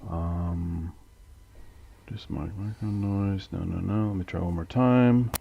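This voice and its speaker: A man chatting on a livestream, quick to curse and grow frustrated when the tech fails. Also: deep voice, fairly even intonation, gravelly, a little hiss or hum. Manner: profane, easily frustrated with tech. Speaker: co-host presenting film sound effects. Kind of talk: casual livestream chat. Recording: dull lo-fi dry audio.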